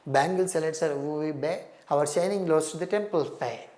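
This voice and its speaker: A woman's voice: sits low, animated, brisk, few pauses, warm tone. A woman teaching exam preparation and explaining, repeating key terms as she goes. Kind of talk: recorded exam-prep lecture. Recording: roomy echo.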